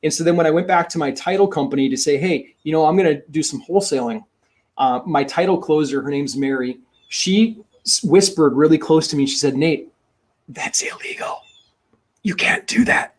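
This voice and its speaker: Energetic man coaching on real estate. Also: a little high, brisk. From Minnesota. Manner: energetic, emphatic, repeats phrases. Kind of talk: teaching a webinar.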